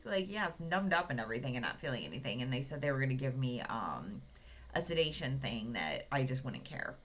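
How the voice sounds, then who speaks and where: A woman with a low voice tells a personal story straight to camera. Her pitch swings widely as she acts out what others said. The talk is casual and loose, filled with "like" and "um". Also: fairly bright tone. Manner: chatty, full of "like" and "um", acts out quotes. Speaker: vlogger.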